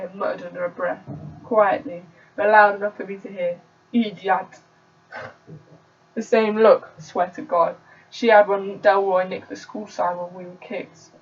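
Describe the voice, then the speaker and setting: A woman's voice: mid-range voice, husky. Young woman performing a monologue, from far off. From England. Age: young adult. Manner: conversational storytelling with sudden loud outbursts. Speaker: theatre student. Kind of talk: solo dramatic monologue performance. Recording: dull, distant home recording.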